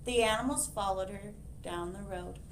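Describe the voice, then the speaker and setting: A woman librarian reading a picture book aloud to children, expressive and animated, pointing out the pictures. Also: mid-range voice, normal speed, slight background noise.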